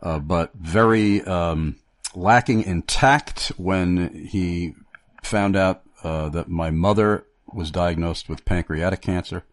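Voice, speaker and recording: Male talk host, deep voice, dry and close, thoughtful, pauses and restarts often. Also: dry recording. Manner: reflective, halting, with frequent fillers and restarts. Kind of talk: Christian radio talk.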